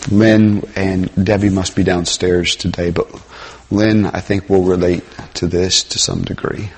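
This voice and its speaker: A middle-aged man preaching a sermon in a conversational way, rising to loud emphasis and dropping to quiet asides. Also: sits low, little pitch movement, unhurried, breathy edge.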